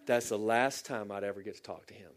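A middle-aged male pastor preaching a heartfelt sermon, telling a personal story with swings from loud bursts to near whispers. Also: fairly low pitch, fast talker. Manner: earnest, emotional storytelling with sudden loud bursts and soft, near-whispered lines.

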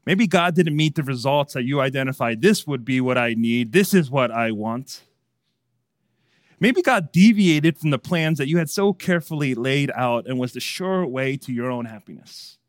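A man preaching a sermon, swinging between hushed and emphatic delivery. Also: mid-range voice, lively intonation, normal speed, no room sound, clean studio sound. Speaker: pastor.

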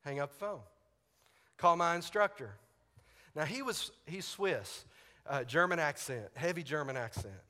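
Male pastor, fairly high bright voice, lively storyteller, big reverberant hall. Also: a little slow, pauses often. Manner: animated storyteller, acts out radio dialogue, laughs often. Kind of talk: sermon with personal story.

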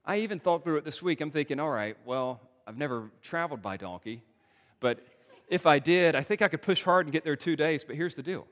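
A man preaching a sermon as pastor, moving from hushed to loud and urgent. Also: a little high, animated, a little fast. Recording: long hall reverb.

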